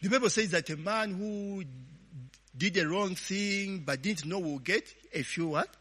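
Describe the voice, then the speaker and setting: A man's voice: high voice, a little slow, pushed and bright. A middle-aged man with a Ugandan English accent, preaching a conversational sermon, laughing often and asking the congregation to finish his sentences. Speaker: pastor. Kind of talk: conversational sermon with call-and-response questions. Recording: long hall reverb.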